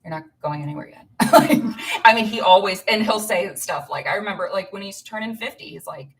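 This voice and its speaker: A woman's voice: medium pitch, brisk. A woman in her thirties, from Illinois, filling in as host of a casual live stream, chatting and rambling to viewers with frequent laughs. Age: 30s. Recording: voice a bit far from the mic.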